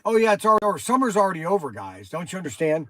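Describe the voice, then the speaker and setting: A man's voice: high-pitched, very animated, very fast, fairly bright tone, no echo. An older man hosting a casual livestream, rambling and chatty as he answers viewers by name. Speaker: toy shop host answering viewers.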